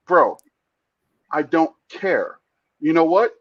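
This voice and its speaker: A man on a casual talk show who speaks bluntly and with heavy emphasis, swearing freely and repeating words as he builds each point. His voice is a little high and somewhat husky. The recording is dull and lo-fi. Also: expressive, a little slow, long pauses. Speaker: podcast co-host. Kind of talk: heated casual discussion.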